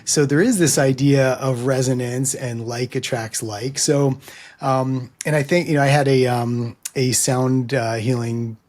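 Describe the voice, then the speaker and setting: A podcast host interviewing a guest, speaking in a measured, thoughtful way with filler ums. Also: medium pitch, steady tone, a little mellow. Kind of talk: interview conversation.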